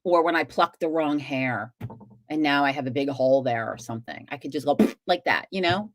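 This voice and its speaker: A woman's voice: low-pitched, a little fast, dry recording, studio quality. A woman hosting a live stream, chatting casually with viewers, talkative and swearing freely as she rambles.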